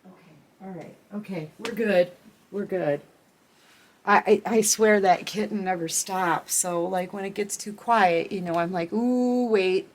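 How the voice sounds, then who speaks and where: Slow, chatty woman reading tarot. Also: fairly low pitch, steady tone. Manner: chatty, giggly, talks straight to viewers. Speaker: tarot reader. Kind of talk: casual tarot reading to viewers.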